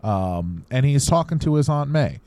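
A man's voice: medium pitch, expressive, normal speed, a little mellow, no room sound. A man co-hosting a casual comedy podcast, rambling through absurd made-up movie plots with many ums and asides. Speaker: podcast co-host; teacher.

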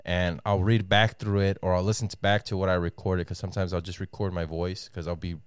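A man, a stand-up comedian, chatting casually on a podcast and telling animated stories with acted-out voices. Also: sits low, fairly quick, clean tone, no echo. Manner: animated storytelling, acts out voices. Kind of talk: casual chat.

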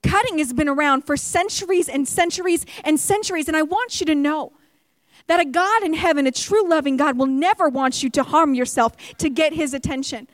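Woman pastor, lively humorous sermon, high voice, dry close sound. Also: a little fast, no echo. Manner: humorous, animated storytelling with acted-out quotes.

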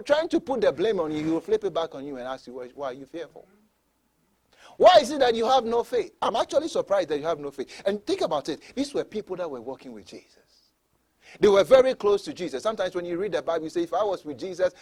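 A man preaching a sermon, emphatic, with many repetitions and shouted peaks. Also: high voice. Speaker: pastor.

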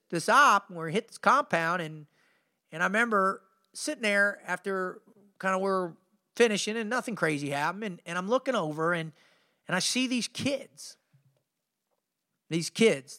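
A middle-aged man hosting a podcast and telling his story as a motivational speaker, intense and emphatic, with lots of casual filler like "man" and "you know". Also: on the high side. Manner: energetic, informal, peppers speech with "man" and "you know".

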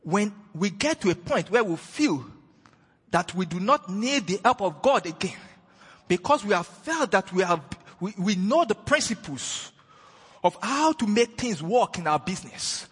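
A man preaching a sermon, emphatic, moving between loud declarations and hushed retellings of scripture. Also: high-pitched, very animated, unhurried, husky. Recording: long hall reverb.

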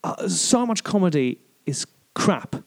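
A French man talks comedy with fired-up, swearing energy, tossing in acted-out quotes mid-rant. His voice sits on the higher side for a man. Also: sing-song, measured pace, vocal fry. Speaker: comedian podcast host. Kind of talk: casual chat.

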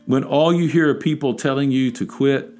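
Guy preaching a podcast sermon, pushy and fired up, quiet guitar under it. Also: mid-range voice, steady tone, normal speed. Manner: exhorting, emphatic, rising to urgent peaks.

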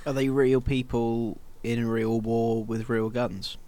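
A man's voice: medium pitch, level tone, measured pace, warm tone. A man co-hosting a podcast, speaking in a dry, formal way. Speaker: podcast co-host, editor-in-chief. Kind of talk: comedic casual chat.

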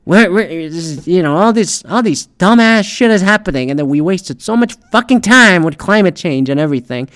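A middle-aged man rants alone on his podcast, swearing constantly and stumbling over restarts as he gets worked up. His voice sits a little higher than most men's. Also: moderate pace, few pauses. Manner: profane, ranting, animated, with frequent restarts. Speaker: podcast host. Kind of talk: solo rant podcast.

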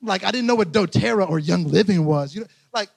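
The young pastor talks fast in a high, creaky voice with lively intonation and no echo. His humorous, casual sermon, full of self-directed laughs, jokes and repeated phrases, plays out at a church service in a large room against loud guitar music.

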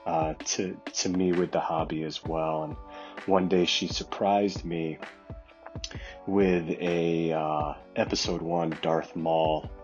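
A man's voice: sits low, steady tone, slow pace, a little mellow, lo-fi sound, faint music behind. A man recording a heartfelt message for a fan community, speaking thoughtfully. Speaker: community guest.

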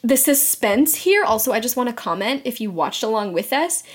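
A young woman, a teacher training as a librarian, co-hosting a podcast in animated, joking casual chat. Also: a little high, husky. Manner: animated, chatty, quick to joke. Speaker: podcast co-host.

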